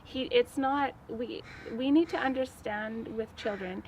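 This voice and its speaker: High-voiced woman explaining calmly. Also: poor audio. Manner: explanatory, measured. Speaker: school educator. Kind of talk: documentary interview.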